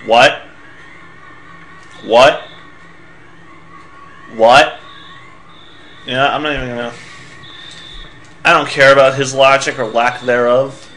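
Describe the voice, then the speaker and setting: A man's voice: mid-range voice, flat delivery, normal speed, pauses often, sharp tone, a little hiss or hum. Sarcastic young man playing a game. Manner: sarcastic, swearing, tired. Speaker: let's player. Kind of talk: casual game commentary.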